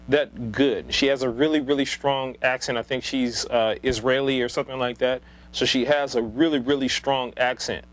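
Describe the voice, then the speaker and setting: A man's voice: mid-range voice, poor audio. A man talking casually about a casting choice, rambling with lots of ums, uhs and restarts. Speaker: movie commentator. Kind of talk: casual unscripted opinion vlog.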